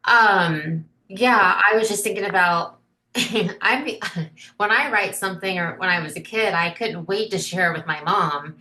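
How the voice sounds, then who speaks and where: A woman's voice: on the low side, a little slow, pushed and bright. A woman hosting an interview, talking in a sympathetic, conversational way. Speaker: podcast host. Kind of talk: casual interview chat. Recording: echoey room.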